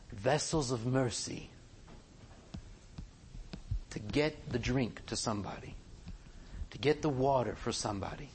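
A man's voice: medium pitch, slight background noise. A man preaching a sermon, asking his listeners question after question. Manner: animated, asks the congregation many questions.

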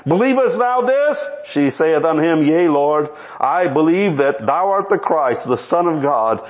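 A man's voice: a little slow, rough recording. A man preaching a sermon, telling scripture stories with dramatic swings and quoting the characters. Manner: animated storytelling with quoted voices; dramatic swings in pitch and pace.

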